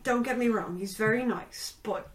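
A woman's voice: a little high, normal speed, echoey room, a little hiss or hum. A woman playing in a tabletop game who speaks in a wry, hesitant way. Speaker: player. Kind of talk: tabletop role-play chat.

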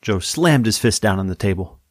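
A man's voice: on the low side, animated, normal speed, dry recording. A man narrating a story in a dry, wry storytelling manner.

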